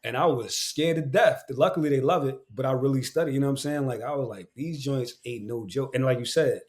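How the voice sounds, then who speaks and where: Animated man. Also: medium pitch, fast. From Queens, New York. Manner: animated, slangy, repeats phrases for emphasis. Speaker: guest, actor and audiobook narrator. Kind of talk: casual podcast conversation.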